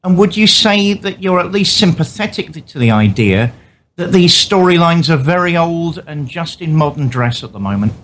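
A man interviewing a guest, asking polite, measured, probing questions. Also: on the high side, expressive, fairly bright tone, a little hiss or hum. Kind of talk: interview conversation.

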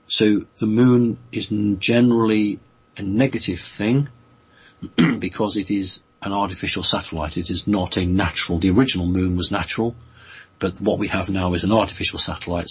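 Deep, husky man with muffled audio. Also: a bit bright. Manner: slow, halting, many fillers and restarts. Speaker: guest answering listener questions. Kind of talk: unscripted spoken answers.

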